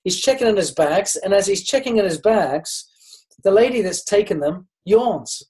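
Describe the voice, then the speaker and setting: A man with a fairly high voice gives a motivational training talk. He speaks unhurriedly, pausing and restarting his sentences. He acts out the dialogue in his stories. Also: animated, darkish tone, rough recording. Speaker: network marketing trainer.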